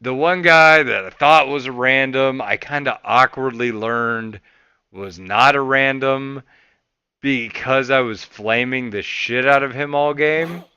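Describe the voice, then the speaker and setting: A man hosting a podcast, telling a casual story with lots of swearing and loud re-enactments of his own rants. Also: mid-range voice, unhurried, clean tone, no echo, muffled recording. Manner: animated, swears freely, voices his past rants loudly. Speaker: podcast host.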